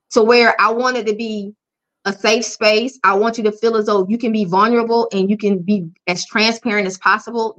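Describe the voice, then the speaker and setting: A woman's voice: on the high side, a bit bright. A woman life coach speaking frankly and openly in an interview. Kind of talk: candid conversational interview. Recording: dull lo-fi audio.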